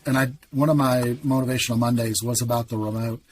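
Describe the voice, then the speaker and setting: A man's voice: mid-range voice, flat delivery, quick pace, noisy background. A man, a podcast guest, telling a heartfelt personal story in an earnest, emphatic way and chuckling now and then.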